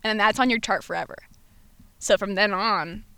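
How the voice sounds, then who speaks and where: A young woman talks as a podcast guest. She tells her story in an animated, slangy way and laughs often. Her voice sits at an ordinary pitch and is recorded dry and close. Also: moderate pace, clear, resonant tone, dry recording. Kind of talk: casual chat.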